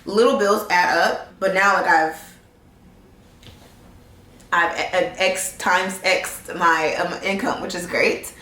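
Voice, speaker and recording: A woman's voice: on the low side, fairly even intonation, takes it slowly, pauses often, sharp tone. A woman in her thirties talking earnestly in a casual life-update vlog, rambling and restarting her thoughts as she reflects. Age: 30s. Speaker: vlogger. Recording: roomy sound, distant mic.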